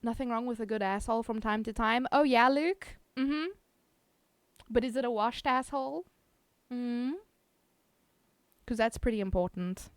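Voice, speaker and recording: A woman's voice: fairly high pitch, measured pace, long pauses, clean tone, dry recording. A South African woman streamer chatting casually with her viewers, giggly and self-teasing. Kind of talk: casual chat reading viewer messages.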